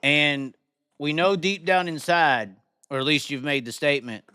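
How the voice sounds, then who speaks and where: A man's voice: fairly high pitch, moderate pace, smooth, no room sound, studio quality. Rambling man hosting a live show. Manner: rambling, restarts and stammers, animated. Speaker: host. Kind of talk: casual live reaction talk.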